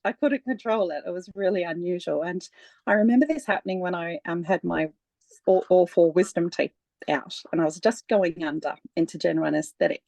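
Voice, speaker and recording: A woman speaking as a guest in a relaxed, conversational personal account, with frequent laughs and many fillers. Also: fairly low pitch, brisk, vocal fry, no echo.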